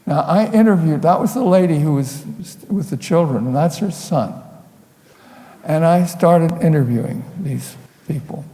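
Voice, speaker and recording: A man's voice: fairly high pitch, a little slow, dark tone. An older man, a photographer, telling wry, meandering stories as he shows slides at a public talk. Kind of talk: storytelling lecture with slides. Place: lecture hall. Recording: lecture hall reverb.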